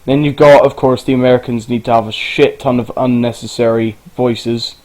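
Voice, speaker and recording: A man's voice: medium pitch, flat delivery, moderate pace, a little mellow, rough recording. A man narrating a casual game tutorial, rambling and informal, with the odd swear.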